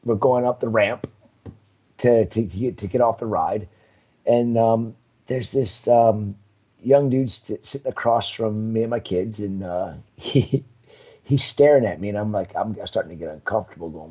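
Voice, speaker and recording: A man's voice: lowish voice, moderate pace, dark tone, breathy edge, dull audio. A man, a guest on a live talk show, casually telling rambling stories with lots of fillers and laughter. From United States. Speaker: guest, coral farm owner. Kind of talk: casual chat, storytelling.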